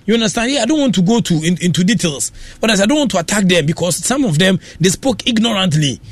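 A man's voice: high-pitched, expressive, fast, no echo. A Ghanaian man hosting a radio show, giving rambling casual commentary that mixes Akan and English.

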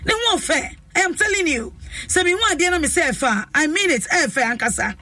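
A woman's voice: high voice, lively intonation, fairly quick, bright, forceful tone, no room sound, recorded from a distance. A woman with a Ghanaian accent hosting a talk show, effusive and emphatic, stretching out her phrases. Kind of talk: lively talk show chat. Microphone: studio microphone.

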